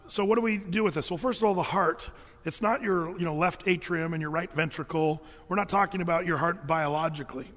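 A pastor preaches a sermon in a church sanctuary, conversational and joking, restarting his sentences often. His voice is high and a bit bright. The sound carries the feel of a large hall.

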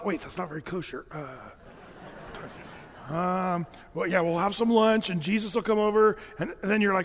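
A man's voice: high-pitched, a little fast, gravelly, in a large hall. A man preaching a sermon in a church, conversational and jokey, with frequent restarts. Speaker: pastor. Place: church sanctuary.

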